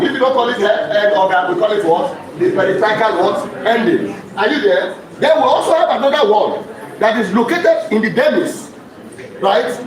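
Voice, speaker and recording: High-voiced man lecturing in an echoey hall. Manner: quizzing with repeated questions, checking on listeners. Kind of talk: call-and-response lecture. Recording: echoey hall, distant mic, audience noise.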